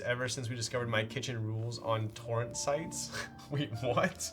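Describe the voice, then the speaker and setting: Man, live streamer, casual rambling chat, bright tone, faint background music. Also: mid-range voice, steady tone, moderate pace. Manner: rambling and playful, many fillers. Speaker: streamer building a keyboard.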